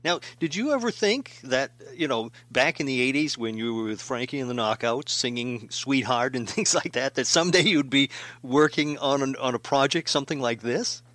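A man hosting an interview, asking relaxed, rambling questions. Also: medium pitch, moderate pace, hardly any pauses, no echo. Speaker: interviewer host.

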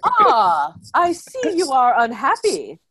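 A woman's voice: high voice, wildly swooping pitch, slow, fairly bright tone, slightly rough, no room sound, heavily acted. A woman voicing a smug, scheming male quack advisor in a comic story reading, with pompous, creepy sales patter.

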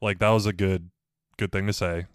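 A man co-hosting a podcast, chatting in an animated, profane way. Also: low-pitched, moderate pace, smooth, no echo, clean studio sound. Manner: animated, profane, loud mock impressions. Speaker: podcast co-host. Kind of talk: casual chat.

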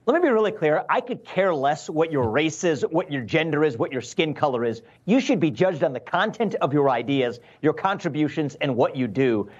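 A man in his thirties, a presidential candidate in a remote TV news interview, speaking fast and emphatically. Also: fairly high pitch, expressive, husky, muffled recording. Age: 30s. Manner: fast, emphatic, assertive campaign talk.

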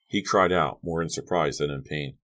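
A man with an extremely deep, low voice narrating a horror novel for teens. He tells the story in steady, dramatic scripted narration. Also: moderate pace. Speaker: audiobook narrator.

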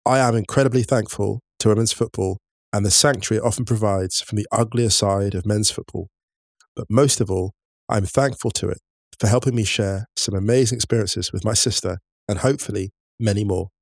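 A man's voice: lowish voice, a little fast, creaky, no room sound, studio quality. A young man co-hosting a podcast, chatting casually and reading out listener messages, laughing easily. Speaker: podcast co-host.

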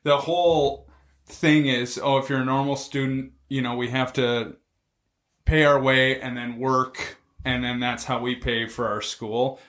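A young man co-hosting a podcast, talking in an easygoing, unhurried way. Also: medium pitch, steady tone, fairly bright tone. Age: young adult. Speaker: podcast co-host. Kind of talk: casual chat.

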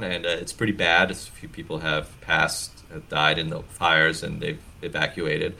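A man's voice: rumbling low, level tone, gravelly, bright, forceful tone. A man hosting a casual comedy podcast, telling stories and acting out quoted lines. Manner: storytelling, quick to act out quotes. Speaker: podcast host.

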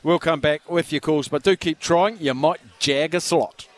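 A man's voice: on the high side, fairly even intonation, moderate pace. An Australian man hosting a live radio call-in sweepstake from a pub, speaking up over the noise. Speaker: radio host.

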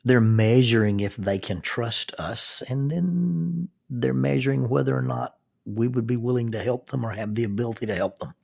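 A man's voice: mid-range voice, moderate pace, gravelly, a little mellow. A man giving a reflective spoken talk, thoughtful, with frequent restarts and rhetorical questions.

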